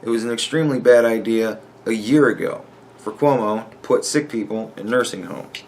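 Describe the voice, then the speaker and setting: A podcast host delivering a profane, sarcastic rant in an exasperated tone. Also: male voice, mid-range voice, moderate pace, a little mellow. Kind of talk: ranting commentary.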